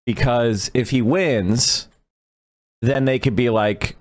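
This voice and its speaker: A man's voice: medium pitch, slow, darkish tone, no room sound. A man giving blunt, profane political commentary on a livestream.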